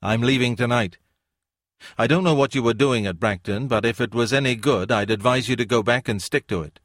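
A man's voice: mid-range voice, brisk, a bit bright, no room sound, lightly acted. A curt, disillusioned old don who waves things off with blunt, clipped remarks, as a male narrator reads him. The voice is dry and close, with no room around it, in an audiobook reading. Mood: gruff.

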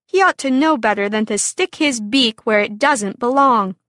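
A woman's voice: fairly high pitch, moderate pace, fairly bright tone, dry recording, studio quality, lightly acted. A woman doing a bossy, worried farm girl. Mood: irritated. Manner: scolding, pleading.

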